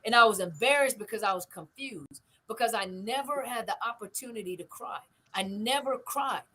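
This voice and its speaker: A woman's voice: fairly high pitch, moderate pace, fairly bright tone, breathy edge, poor audio. An older woman, hosting a family conversation and telling stories with emphatic repetition. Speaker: host.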